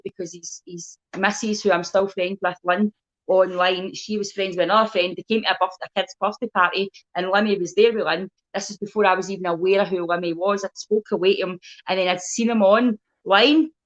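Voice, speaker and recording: A woman's voice: mid-range voice, muffled recording. A Scottish woman comedian chatting as a guest, blunt and sweary, telling stories with lots of energy. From Scotland. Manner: blunt, sweary, animated storytelling. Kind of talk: casual chat.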